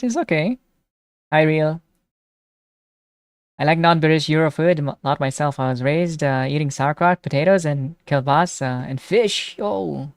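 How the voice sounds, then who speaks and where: A young woman live streamer chatting casually with her viewers, reading their messages aloud and reacting excitedly. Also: low-pitched, no room sound, clean studio sound. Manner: chatty, reads chat aloud and answers it, excitable.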